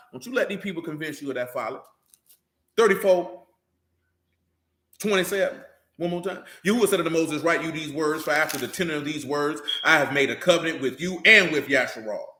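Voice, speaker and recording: A man's voice: on the high side, sharp tone, roomy sound. A man preaching a blunt, slang-filled sermon, often asking rhetorical questions of his listeners. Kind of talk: street-style sermon.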